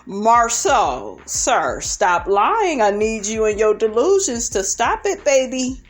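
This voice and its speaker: A woman's voice: a little high, sing-song, takes it slowly. A woman hosting a casual reality TV recap, sassy and blunt, swearing freely and tossing in "honey" and "okay" as she gossips. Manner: profane and blunt.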